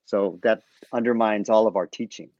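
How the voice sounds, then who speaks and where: A man's voice: on the low side, fairly even intonation, normal speed, darkish tone, no room sound. An older man and senior martial arts teacher in casual conversation, answering with brief agreements and telling anecdotes over dull, lo-fi call audio.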